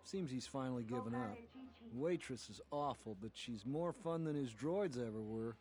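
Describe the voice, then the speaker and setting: A man's voice: medium pitch, moderate pace, darkish tone, close to an everyday voice. An actor playing a gossipy, cynical male bar regular in a game, grumbling wryly.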